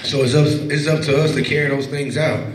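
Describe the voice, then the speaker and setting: A man ministering to a youth crowd, joking and laughing as he preaches and leading shouted call-and-response. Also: a little high, fairly even intonation, brisk. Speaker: Christian hip-hop minister. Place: large church at a youth event. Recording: echoey church hall with crowd. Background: crowd reacting.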